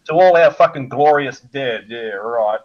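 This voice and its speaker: A man's voice: mid-range voice, a little slow, dull audio. A man ranting as a podcast guest, blunt, crude and sarcastic. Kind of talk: profane ranting commentary.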